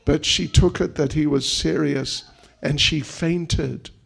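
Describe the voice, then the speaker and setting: A monk telling a devotional story in a sermon, animated and acting out the dialogue. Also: male voice, fairly high pitch, slow pace, vocal fry, husky. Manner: animated storytelling, acts out quotes. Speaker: monk preacher.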